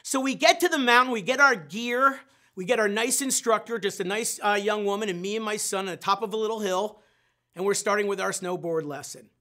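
A man's voice: high-pitched, brisk, pushed and bright. A middle-aged man, a sales trainer, telling a self-mocking story in a live online training session and putting questions straight to his audience.

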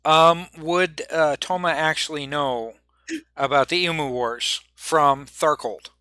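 A man running a tabletop game as game master, relaxed and rambling, laughing often. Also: a little high, takes it slowly, no room sound.

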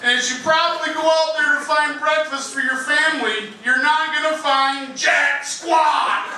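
A man doing an impression of a loud, overbearing motivational speaker who rants in a raised, high-strung voice, recorded from a distance in an echoey, noisy club. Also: fairly even intonation, moderate pace, heavily acted. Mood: ranting.

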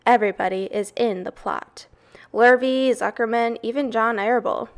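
A woman's voice: on the high side, normal speed, close to an everyday voice. A woman voicing a blunt, knowing old female sheep in a storybook read-aloud.

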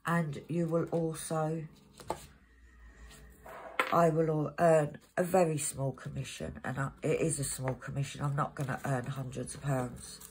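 Hosting a crafting channel, a woman with a low-pitched voice talks at a measured pace with a flat delivery. She rambles chattily and reads out codes while she works, over slight background noise, loud crinkling of packets and generally poor audio.

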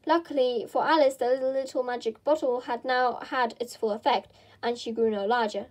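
A woman's voice: a little high, fairly even intonation, a little fast. Woman reading a storybook aloud. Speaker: storybook reader. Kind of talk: reading a children's classic aloud.

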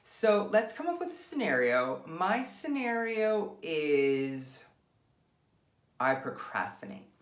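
Woman, low register, very animated intonation, casual wellness teacher, blunt and self-mocking, reverberant room. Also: slow pace. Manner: candid and self-deprecating, swears freely, talks herself through a tapping script. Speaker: wellness instructor. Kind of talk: casual instructional demonstration. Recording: echoey room.

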